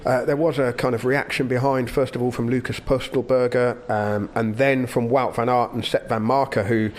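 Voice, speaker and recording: Measured male podcast host. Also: mid-range voice, flat delivery. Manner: measured, thinks aloud with restarts. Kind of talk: casual chat, race analysis.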